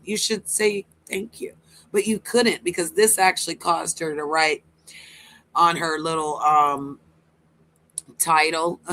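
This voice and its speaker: A woman's voice: fairly low pitch, a bit bright, slight background noise, rough recording. A woman doing livestream commentary, taunting and mocking a rival with sarcasm and swearing. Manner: talks to a rival by name.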